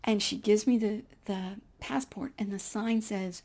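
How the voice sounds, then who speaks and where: A woman from the United States telling a personal story in an animated way, acting out the dialogue and laughing often. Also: medium pitch, unhurried. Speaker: speaker telling her life story.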